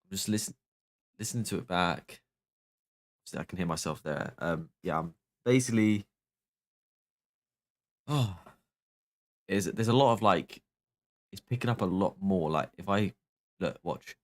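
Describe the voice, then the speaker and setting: Casual male streamer, deep voice, close dry mic, explains his mic settings as he goes. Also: measured pace, pauses often, dry recording. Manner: thinking aloud, explaining settings step by step. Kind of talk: casual mic test chat. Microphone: new microphone, close up.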